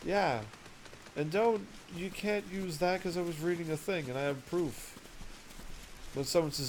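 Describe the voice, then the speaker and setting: Excitable, rambling male gamer. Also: a little high, measured pace, slight background noise. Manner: rambling, excitable, breaks into laughter. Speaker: gaming streamer. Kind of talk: casual gameplay commentary. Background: faint game music.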